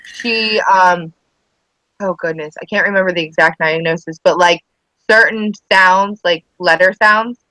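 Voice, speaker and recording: A woman's voice: fairly low pitch, measured pace, dry recording, poor audio. A woman, a mother of schoolchildren, chatting casually on a podcast and acting out quotes as she tells stories. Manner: chatty, animated storytelling with acted-out quotes. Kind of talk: casual chat.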